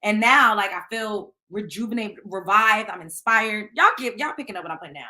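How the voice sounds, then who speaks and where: A woman's voice: mid-range voice, animated, brisk, sharp tone. A woman hosting a casual gossip show, talking bluntly and with plenty of profanity straight to her listeners. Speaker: show host.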